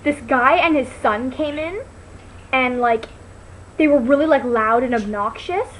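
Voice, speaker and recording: A woman's voice: sits high, unhurried, slight background noise, low-quality recording. A woman vlogging in a rambling, casual way on a computer mic. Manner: rambling, full of "like" and restarts. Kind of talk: casual chat to camera.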